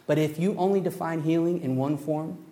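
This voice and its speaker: A man preaching a sermon, telling a story with lively acted-out voices, building to emphatic points. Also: fairly high pitch, a little fast. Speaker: pastor.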